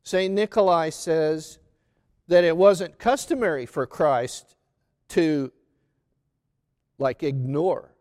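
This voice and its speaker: A man preaching a sermon on a Gospel reading, slow and deliberate, stressing lists of words one by one. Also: fairly high pitch, darkish tone, big-room sound.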